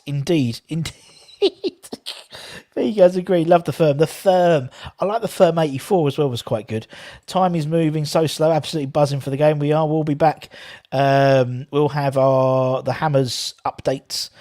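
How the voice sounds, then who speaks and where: A man's voice: medium pitch, darkish tone. A man hosting a casual football fan live stream, chatting and rambling while reading out viewer comments. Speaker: fan channel host.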